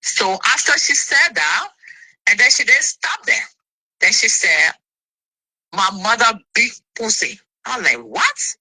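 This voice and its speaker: Woman, interview guest, indignant, husky, dry close sound. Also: a little high, measured pace, no echo, rough recording. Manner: indignant, animated storytelling. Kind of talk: interview, recounting a dispute.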